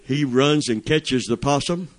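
An older man delivers a sermon with fervent, folksy energy, mixing plain talk with shouted praise. His voice sits in an ordinary middle register for a man. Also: medium pitch, unhurried. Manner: fervent, folksy preaching with exclamations. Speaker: preacher.

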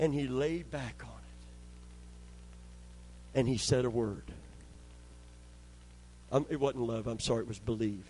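An older man with a warm, mid-range voice preaches a sermon on a low-quality recording with a bit of hiss or hum. He tells stories and calls out for amens, rising into fervent preaching.

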